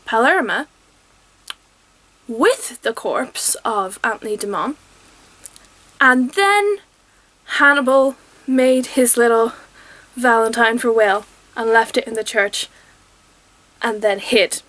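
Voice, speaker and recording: A woman's voice: on the high side, fairly bright tone. A young woman reviewing a TV episode in casual, enthusiastic, rambling chat, often acting out quotes. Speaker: TV review vlogger.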